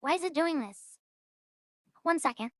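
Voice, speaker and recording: Animated woman streamer chatting. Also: high-pitched, moderate pace. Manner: scattered, animated, talks to chat. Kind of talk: casual gameplay chat.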